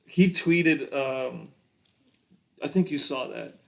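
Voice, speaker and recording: A man co-hosting a podcast in casual chat, making dry, wry remarks with halting fillers. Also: medium pitch, animated, creaky. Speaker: podcast co-host.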